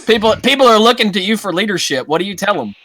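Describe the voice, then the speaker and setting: A young man acting as game master, narrating a tabletop game in a casual, halting way. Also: high-pitched, animated, fairly bright tone, low-quality recording.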